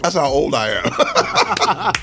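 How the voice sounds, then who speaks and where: A middle-aged man, a guest in a casual interview, telling stories with lots of expression and putting on high voices when he quotes people. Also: very slow, gravelly, over music. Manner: animated storyteller, jumps to high mock voices for quotes.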